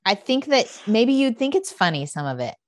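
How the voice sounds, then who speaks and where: A woman hosting a casual podcast chat, expressive in her banter. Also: a little high, moderate pace, no echo. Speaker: podcast host.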